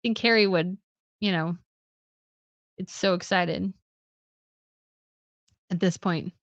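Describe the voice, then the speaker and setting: A woman's voice: fairly low pitch, slow pace, no room sound, dull audio. A woman hosting a livestream, chatting casually as she reads out viewer comments, sounding a bit tired, with fillers and little laughs. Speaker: host.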